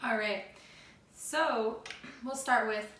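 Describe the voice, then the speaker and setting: A woman leads a music class for young children with an upbeat, encouraging voice that sits fairly high. She chants simple rhythms aloud between her instructions. The sound is roomy and distant, with loud noise behind her. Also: slow pace. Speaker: elementary music teacher. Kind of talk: remote music lesson for children. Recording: roomy, distant, noisy home video.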